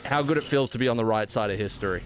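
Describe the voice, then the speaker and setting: A man's voice: medium pitch, rapid-fire, noisy background. Australian man bantering with his stream chat. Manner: playful, mock-indignant banter with chat. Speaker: game streamer. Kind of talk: casual live-stream chat while gaming.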